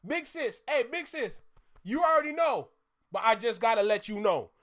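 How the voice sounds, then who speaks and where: Lively teasing woman, Caribbean-Canadian accent. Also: fairly high pitch, moderate pace. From Toronto. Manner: playful, teasing, drops to soft asides. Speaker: reaction co-host. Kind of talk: casual reaction chat.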